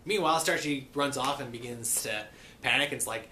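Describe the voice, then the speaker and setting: A man recapping a cartoon episode in a playful pirate persona, saying "be" for "is" and slipping into quick voices for the characters. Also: mid-range voice, pushed and bright. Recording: echoey room with faint hiss.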